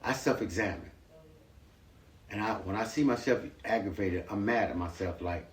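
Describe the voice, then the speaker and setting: A very low-voiced man speaks earnestly and repeats himself as he talks to his sons at home. He is heard from across an echoey room with a faint hiss underneath. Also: normal speed, far from the mic. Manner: earnest, repetitive, plain-spoken. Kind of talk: home family talk, lecturing and apologizing.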